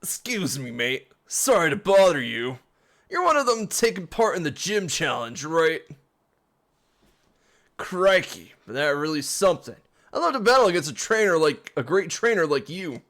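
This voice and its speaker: A man's voice: a little high, sing-song, normal speed, fairly bright tone, voice pushed up. A man putting on a cocky British gang thug. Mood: taunting. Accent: put-on British, rough. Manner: taunting, swaggering. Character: brash male street-gang thug, cocky and mocking.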